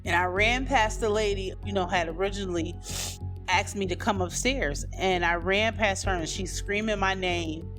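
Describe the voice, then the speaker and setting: A woman telling her own life story casually, full of "you know" and "like," raising her pitch sharply when she quotes people. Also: normal speed, music in the background. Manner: conversational, many "you know" and "like" fillers; acts out quoted voices with sharp rises in pitch. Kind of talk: personal storytelling.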